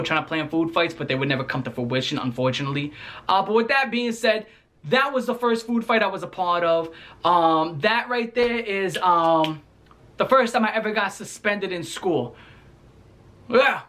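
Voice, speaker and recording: A man in his twenties who tells a story in a casual, animated and profane way, full of slang, as a vlogger. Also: fairly high pitch, normal speed. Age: 20s.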